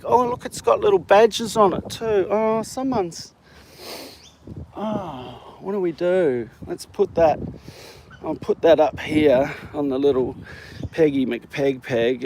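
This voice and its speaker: Slow-talking Australian man vlogging outdoors. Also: a little high, background noise. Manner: rambling, jokey, talks to viewers. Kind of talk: rambling walk-and-talk live stream.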